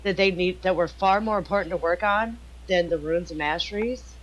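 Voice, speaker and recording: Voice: medium pitch, normal speed, a bit bright, muffled recording. A gaming friend on voice chat, blunt and argumentative, swearing as they make their case.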